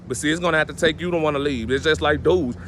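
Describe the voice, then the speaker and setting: A man's voice: on the high side, fast talker, a little hiss or hum. A man giving casual motivational advice, emphatic and preachy, often repeating his stock phrases. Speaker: vlogger giving life advice.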